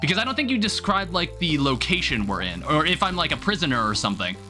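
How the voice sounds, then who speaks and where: A man's voice: a little high, sing-song, quick pace, pushed and bright. A young man chatting casually on a live stream while he plays a game, thinking aloud in a rambling way with lots of filler words. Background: faint game music.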